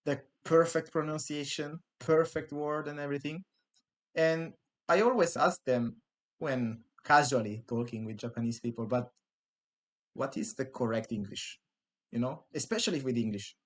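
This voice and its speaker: A man's voice: medium pitch, normal speed. A man with an Italian accent, co-hosting a podcast in casual, rambling chat full of restarts and laughs. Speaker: podcast co-host.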